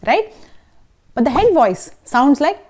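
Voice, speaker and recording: A vocal teacher with an Indian English accent explains singing technique, checking in with the listener often in an instructive manner. Her voice sits high with big pitch swings and a slow delivery, over heavy background noise.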